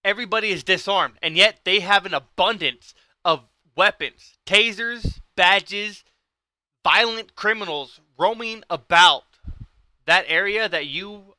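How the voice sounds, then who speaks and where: A man talks on his livestream in a high, piercing voice, intense and heated. The sound is dry and close. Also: pushed and bright, no room sound. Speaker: livestream host. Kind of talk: livestream talk.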